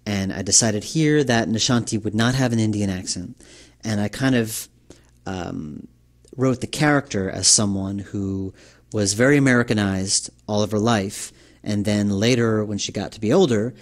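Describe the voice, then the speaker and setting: Rambling man giving developer commentary. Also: on the low side. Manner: rambling, many fillers and restarts. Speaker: game developer.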